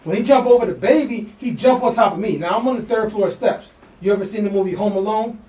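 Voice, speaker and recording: A man co-hosting a podcast, telling a story in a fast, slangy, animated way and acting out the voices of people in it. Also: sits high. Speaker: podcast co-host. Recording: echoey room, mic at a distance.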